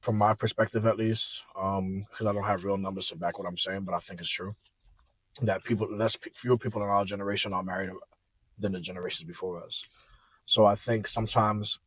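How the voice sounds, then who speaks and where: Husky-voiced young man talking candidly. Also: lowish voice, fairly even intonation, brisk, fairly bright tone. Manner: candid, reflective, many fillers. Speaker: podcast guest. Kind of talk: casual conversation.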